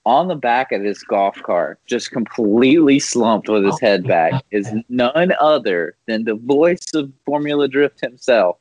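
A man's voice: medium pitch, lively intonation, measured pace, hardly any pauses, darkish tone, no echo, poor audio. A man hosting a casual podcast, telling a long rambling story among friends. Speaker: podcast host.

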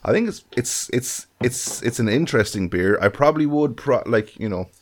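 A man's voice: mid-range voice, expressive, moderate pace. A man from Ireland with an Irish accent, co-hosting a casual podcast chat and often restarting his phrases. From County Galway, Ireland. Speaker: podcast co-host.

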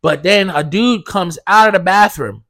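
A man hosting a casual solo podcast, telling stories in a profane, animated way that swings from loud indignation to low mumbled asides. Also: normal speed, no echo. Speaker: podcast host.

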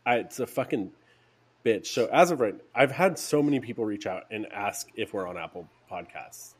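A man co-hosting a casual podcast, with a somewhat low voice. He is blunt and swears heavily, slipping easily into exasperated rants. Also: expressive, moderate pace, husky. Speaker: podcast co-host. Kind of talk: casual chat.

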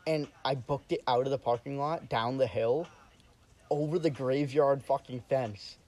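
A young man telling a story in casual chat, animated and profane, often laughing. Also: medium pitch, measured pace, poor audio.

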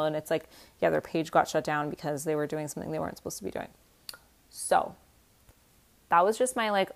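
A young woman hosting a casual advice podcast, chatty and full of fillers like "like" and "um". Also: fairly low pitch. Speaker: podcast host.

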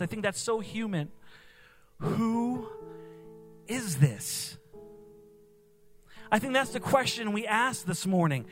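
A man's voice: high voice, big-room sound. A young man from New Jersey preaching a sermon in a conversational way, with casual fillers. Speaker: pastor. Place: church.

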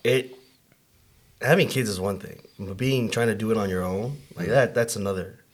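A man from Chicago co-hosting a podcast, telling a personal story in lively, animated fashion. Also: lowish voice, normal speed. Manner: animated storyteller, acts out his own past words. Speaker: podcast co-host.

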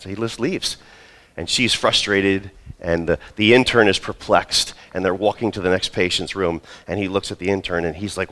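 A male pastor delivering a sermon in a deep, low voice. He talks the congregation through a story. His delivery is conversational, with asides and acted-out lines. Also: moderate pace, a bit bright. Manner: storytelling, acts out quoted voices.

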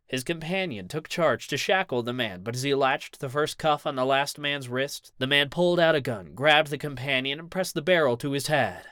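Male audiobook narrator, even and measured, mid-pitched, dry close studio sound. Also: clean tone, dry recording. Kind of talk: scripted story narration.

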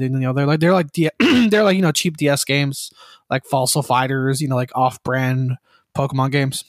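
A man co-hosting a casual gaming podcast, telling animated stories and acting out quotes. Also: mid-range voice, a little fast, dry recording, clean studio sound. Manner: storytelling, animated, acts out quotes, laughs. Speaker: podcast co-host. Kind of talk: casual chat.

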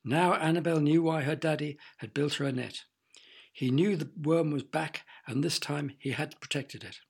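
A man narrating a children's storybook with expressive, playful sound effects. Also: fairly high pitch, normal speed, creaky, husky.

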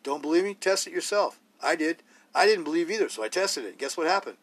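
A man's voice: fairly high pitch, lively intonation, fast, a bit bright, slightly rough. A man hosting a solo podcast, talking bluntly and rawly in a rambling way, full of rhetorical questions. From Idaho, US. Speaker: podcast host.

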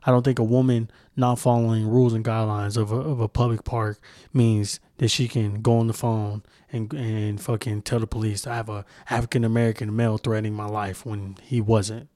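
A man's voice: fairly low pitch, level tone, a little fast, mellow, no echo, clean studio sound. Profane fired-up young man ranting. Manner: profane, emphatic, mocking impressions. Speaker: podcast host. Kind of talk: heated solo podcast rant.

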